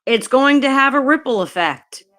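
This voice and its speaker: A woman's voice: high-pitched, animated, normal speed, fairly bright tone. A woman hosting a casual livestream, ranting angrily and swearing, repeating herself often. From New Jersey, USA. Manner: angry, profane, repeats herself. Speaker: livestream host.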